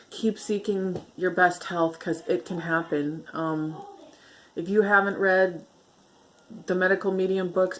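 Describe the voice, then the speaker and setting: Tearful, earnest woman with a lowish voice. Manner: earnest, tearful at times, laughing softly through emotion; soft, halting delivery with fillers and repeats. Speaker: vlogger sharing her healing story. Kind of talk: heartfelt personal vlog talk.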